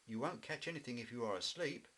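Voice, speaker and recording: A man's voice: mid-range voice, lively intonation, fast talker, sharp tone. A man voicing an eager, bossy young boy bear in a children's storybook reading. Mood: urgent.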